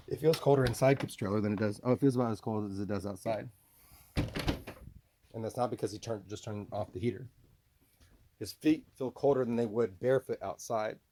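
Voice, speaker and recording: A man with a low, gravelly voice talks in a long, rambling monologue. He speaks in an accusatory way and refers to himself in the third person. There is a faint hiss under the recording. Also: darkish tone. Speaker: vlogger. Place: trailer home.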